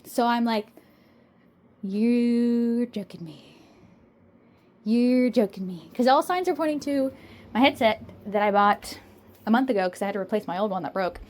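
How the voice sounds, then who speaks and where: A woman talks at home into her phone, rambling and chatty as she keeps tagging "okay?" onto her points. She sounds slightly out of breath, and her voice sits a little high. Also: fast talker. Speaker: VTuber and artist. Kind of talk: casual vlog chat.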